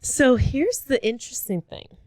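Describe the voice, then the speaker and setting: Animated woman retelling a true-crime story. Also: measured pace, dry recording, studio quality. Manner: animated storyteller, acting out quotes with jumps in pitch. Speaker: podcast co-host. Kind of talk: casual true-crime chat.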